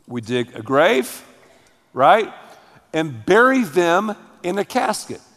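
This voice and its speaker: High-voiced emphatic preacher in a hall. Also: male voice, very animated, slow pace, fairly bright tone. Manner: emphatic and dramatic, calls on the audience to repeat. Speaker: pastor. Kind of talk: sermon. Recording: long hall reverb.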